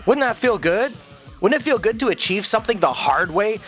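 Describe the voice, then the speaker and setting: Male streamer, high-pitched, profane and intense, rambling rant delivery; faint music bed. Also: brisk, a bit bright. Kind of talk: ranting livestream monologue.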